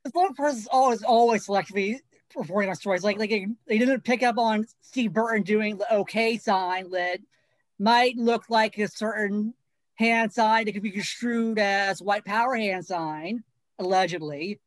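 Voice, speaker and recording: Woman co-host, blunt and swearing, dry close sound, mid pitch. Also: dry recording. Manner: blunt, profane, fast bursts. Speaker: podcast co-host. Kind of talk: casual chat.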